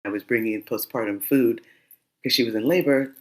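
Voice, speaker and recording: Low-pitched woman, animated storyteller, guest role. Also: fairly quick. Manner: lively storyteller who acts out the dialogue and laughs. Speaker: doula and guest. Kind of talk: casual storytelling interview.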